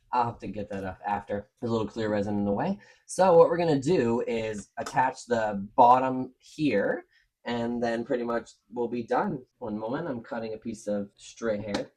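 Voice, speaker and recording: Man, hands-on craft host, casual and candid, mid-pitched voice, explains as he works. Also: darkish tone. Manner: chatty, frank, talks to viewers while working. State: out of breath. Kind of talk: casual step-by-step craft demo.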